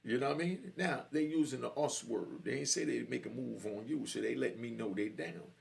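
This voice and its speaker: A man's voice: medium pitch, fairly quick, gravelly. A man telling his own jail story in casual street slang, often saying "you know".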